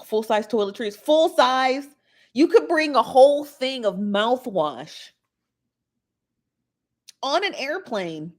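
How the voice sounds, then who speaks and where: A woman's voice: fairly high pitch, big pitch swings, slow pace, pauses often, a little mellow. A woman, chatting animatedly as a podcast co-host and laughing often. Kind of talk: casual chat.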